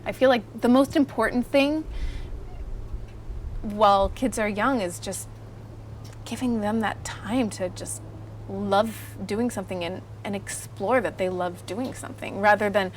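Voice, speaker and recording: A woman's voice: mid-range voice, unhurried. A woman in her thirties talks casually about her work as an illustrator. She tells her stories with energy and slips into other people's voices when she quotes them. A faint background hiss sits under her voice. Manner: animated storyteller, acts out quoted voices. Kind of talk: casual interview talk.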